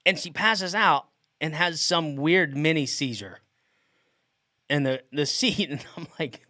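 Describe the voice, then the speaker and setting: A man's voice: fairly high pitch, a little slow, sharp tone, no room sound, clean studio sound. A middle-aged man hosting a podcast, telling a story in a casual way and often laughing mid-sentence. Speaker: podcast host.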